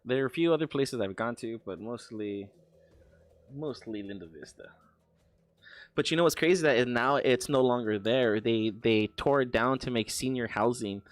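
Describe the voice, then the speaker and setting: A man's voice: mid-range voice, dry recording. A man casually telling a ghost story while streaming, swearing often and stumbling into restarts. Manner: profane, halting, many stammered restarts.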